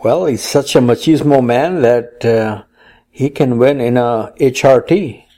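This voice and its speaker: Mellow-voiced man reading racing news. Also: mid-range voice, unhurried. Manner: reads news items and quotes aloud, playful puns. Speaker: co-host. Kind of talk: casual news chat.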